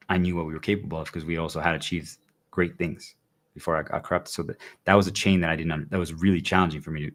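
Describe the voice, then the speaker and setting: Deep-voiced man rambling earnestly to viewers. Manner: earnest, rambling, keeps asking if listeners understand. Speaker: streamer talking to viewers. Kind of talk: casual monologue to an audience.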